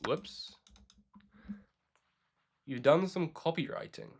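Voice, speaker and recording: A man's voice: mid-range voice, lively intonation, moderate pace, long pauses, a bit bright. Joking young man streaming chess. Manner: joking, answers chat questions while playing. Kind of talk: casual live-stream chat while playing.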